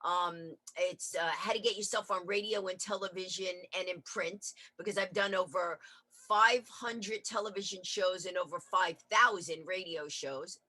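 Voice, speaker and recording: A woman with a bright, forceful tone and a slightly husky grain tells stories to an interviewer in a remote call. She is animated and quick to jump into other people's voices. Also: fairly low pitch. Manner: animated, acts out quoted voices. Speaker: interview guest, author. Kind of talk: lively anecdotal storytelling.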